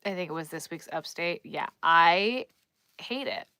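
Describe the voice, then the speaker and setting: A woman's voice: lowish voice, animated, measured pace, bright, forceful tone, clear, resonant tone, no echo. A woman with a Long Island accent hosting a crochet live stream, chatting casually and thinking aloud as she works and reads the chat.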